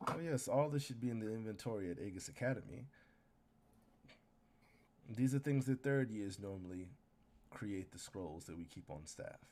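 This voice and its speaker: A man's voice: lowish voice, animated, moderate pace, long pauses, a little mellow. Man as stern female archmage, clipped, formal, tabletop game.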